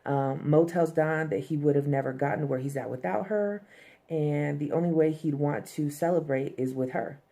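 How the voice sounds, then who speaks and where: Low, mellow-voiced woman recapping casually. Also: moderate pace. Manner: chatty, frequent "um", addresses viewers as fam and y'all. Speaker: TV episode recapper.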